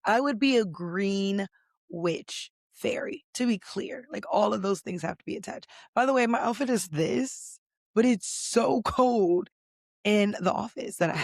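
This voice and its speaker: A hoarse woman, her voice mostly gone, hosts a casual solo podcast from a chilly office. She talks in a chatty, rambling and self-deprecating way at a middle pitch. The sound is dry and close, with no room echo. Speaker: podcast host. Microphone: computer recording setup.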